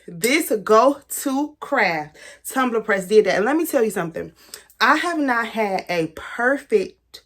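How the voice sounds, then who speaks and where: A woman hosting a crafting vlog, chatting to her viewers as she demonstrates a product, excitable and gushing. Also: fairly high pitch. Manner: chatty, addresses viewers as y'all. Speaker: crafting channel host. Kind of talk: casual product demo vlog.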